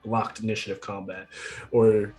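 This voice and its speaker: A man's voice: lowish voice, little pitch movement, moderate pace, darkish tone, faint music behind. A man narrating a tabletop game as game master, rambling with many fillers and frequent chuckles.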